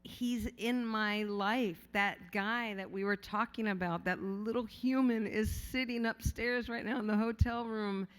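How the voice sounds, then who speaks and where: A woman speaks off the cuff at a podium in a large hotel ballroom, her voice smooth and resonant as it rings out into a long hall reverb. She rambles candidly through an acceptance speech, joking, swearing casually and tripping over fillers and restarts. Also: mid-range voice, fairly even intonation, measured pace, few pauses. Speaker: award honoree giving an acceptance speech.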